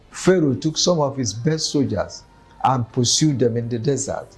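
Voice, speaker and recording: A man leading a weekly devotion, preaching in a measured, emphatic way and reading scripture aloud. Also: mid-range voice, a little mellow, slightly rough, low-quality recording.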